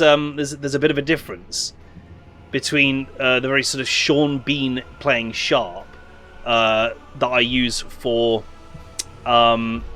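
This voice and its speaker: A man hosting a video game playthrough. He reads the on-screen text and rambles casually between the lines, with plenty of fillers and faint music in the background. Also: medium pitch. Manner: relaxed, rambling, full of fillers. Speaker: host. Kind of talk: reading game text and chatting.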